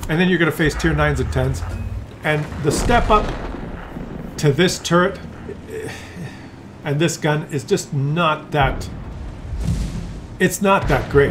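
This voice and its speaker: A man's voice: mid-range voice, a little slow, background noise. A man giving casual, chatty commentary on a tank game replay, teasing the player and chuckling with viewers.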